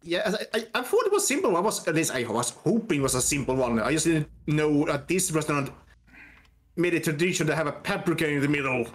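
A man's voice: a little high, quick pace. A man co-hosting a game stream, chatting casually and drifting into digressive stories. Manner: storytelling, animated, digressive. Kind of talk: casual chat.

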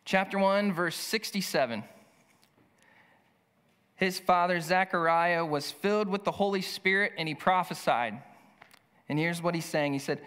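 A male pastor preaching a sermon, reading scripture slowly and speaking in an earnest, emphatic way. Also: sits high, fairly bright tone, clean tone. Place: church sanctuary. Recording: long church hall reverb.

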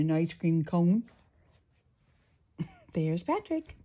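An older woman reading a picture book aloud to children, with playful asides. Her voice swings widely and she takes her time. She sounds expressive and animated. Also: lowish voice, slow pace, long pauses, slightly rough. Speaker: storyteller.

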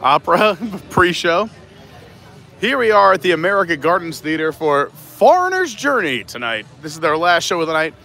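Live-stream host, man, high and bright, chatty with a quick laugh, out walking the park. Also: very animated, gravelly. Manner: chatty, laughs often, walking while talking. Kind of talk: casual live-stream vlog chat. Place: outdoors at a theme park.

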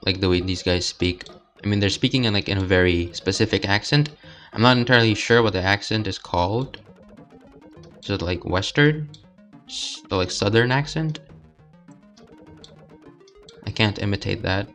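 A man's voice: lowish voice, normal speed, long pauses, fairly bright tone, soft background music. A young man casually commenting while playing a video game, rambling and hesitant with lots of filler words. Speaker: let's play host.

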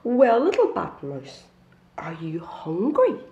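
A woman voicing a friendly, curious male bat in a storybook, who teases gently. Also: medium pitch, huge pitch swings, takes it slowly, heavily acted. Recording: echoey room, dull lo-fi sound.

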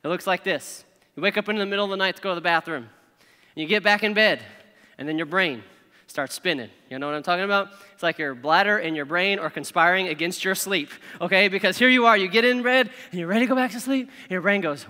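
A middle-aged man, preaching a sermon with animated, self-deprecating storytelling and acted-out inner voices. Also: sits high, quick pace. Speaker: pastor. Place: large church hall. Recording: reverberant hall.

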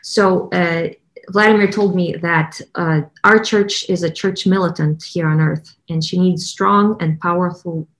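A woman's voice: on the low side, steady tone, unhurried. A woman with a Russian accent talking casually as a choir director, with many fillers and restarts. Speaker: choir director promoting a training program. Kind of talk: casual promotional talk.

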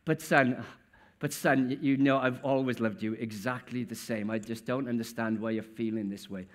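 A soft-spoken, pleading father, voiced by a preacher mid-sermon. He begs his son gently and sounds hurt and bewildered, in a voice a little higher than most men's. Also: moderate pace, close to an everyday voice.

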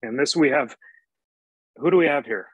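A man's voice: medium pitch, normal speed, husky, dry recording, rough recording. A man from Spokane, Washington, hosting a casual discussion, rambling and repeating his words. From Spokane, Washington, USA. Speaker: host. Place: Scotland.

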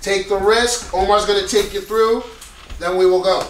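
A man coaching actors in a casual, animated way, talking loudly, swearing and asking lots of rhetorical questions, in an echoey room. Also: high-pitched, moderate pace, slight background noise. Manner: loud, animated, profane, full of rhetorical questions. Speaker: acting teacher. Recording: echoey room, distant mic.

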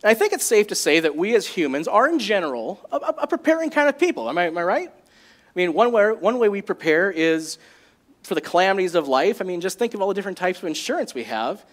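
Lively, high-voiced male preacher. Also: fast talker. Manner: jokey, animated preaching. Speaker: pastor. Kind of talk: sermon.

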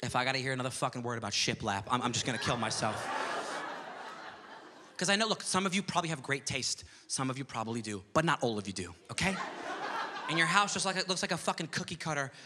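A young man doing a stand-up set, ranting loudly and exasperated with shouted bursts. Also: mid-range voice, lively intonation, quick pace. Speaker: stand-up comedian. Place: comedy club stage before a laughing crowd. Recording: noisy live club recording.

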